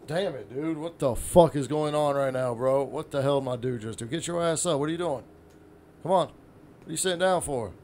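A man's voice: a little high, a little fast, darkish tone, a little hiss or hum. Profane young man reacting to a game. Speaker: gaming channel host. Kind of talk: let's play commentary.

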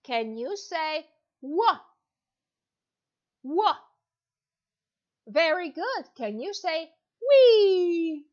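A woman in her thirties teaching English to a young child, drawing each word out slowly and heaping on praise. Her fairly high voice swoops up and down with big energy, and the recording sounds dull and lo-fi. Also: animated. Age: 30s. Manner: slow, exaggerated, encouraging teacher talk with lots of praise. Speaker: ESL teacher. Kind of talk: demo online lesson for a child.

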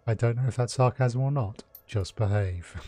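A man hosting a let's play, reading game text aloud calmly with short asides. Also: medium pitch, moderate pace.

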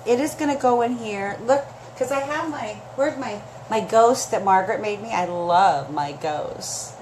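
A woman's voice: fairly high pitch, moderate pace, darkish tone. A woman hosting a chatty live sale stream, gushing and emotional as she talks straight to her viewers, her throat scratchy and dry.

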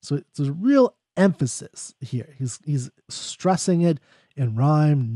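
A man giving a casual spoken lecture on a poem, thinking aloud in a conversational way and reading verse lines slowly. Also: on the high side, animated, warm tone, no room sound, clean studio sound. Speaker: poetry explainer.

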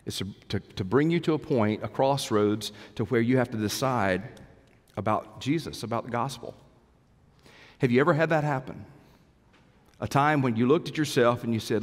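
A man's voice: mid-range voice, normal speed. Earnest male pastor in echoing sanctuary. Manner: earnest, rising to urgent pleas, then hushed prayer. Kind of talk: sermon. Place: church sanctuary. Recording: long church hall reverb.

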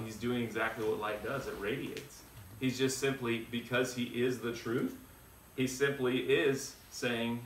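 A man's voice: medium pitch, fairly bright tone, echoey room, recorded from a distance, a little hiss or hum, rough recording. A male pastor leading a Bible study in a conversational way, thinking aloud, restarting sentences and acting out quoted dialogue. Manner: acts out dialogue in quoted voices.

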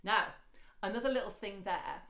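A woman's voice: normal speed, fairly bright tone, roomy sound. A woman teaching singing, chatty and encouraging, talking straight to the viewer. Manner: switches between speech and light, high sung lines. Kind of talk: singing lesson with sung demonstrations.

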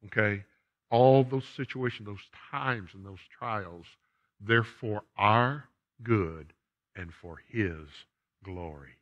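A dull, lo-fi recording from a church sanctuary captures a pastor's emphatic sermon to his congregation as he repeats key phrases. He speaks slowly, in a voice on the low side.

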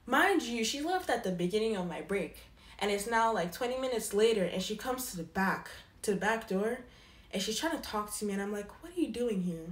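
A young woman telling a casual storytime about a past job, acting out what people said with big jumps in her voice. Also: reverberant. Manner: animated, quoting people with lively pitch jumps. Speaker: storyteller vlogger.

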